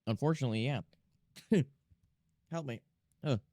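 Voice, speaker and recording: A man's voice: medium pitch, normal speed, warm tone, dry recording, clean studio sound. A young man streaming from home, chatting casually and self-mockingly to himself and his chat while he draws.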